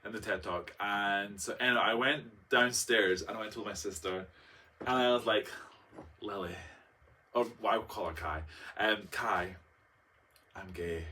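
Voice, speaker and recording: A man's voice: on the low side, moderate pace, pauses often, pushed and bright. A young man telling a personal story in a chatty, dramatic vlog style, full of fillers and acted-out quotes. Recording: voice a bit far from the mic.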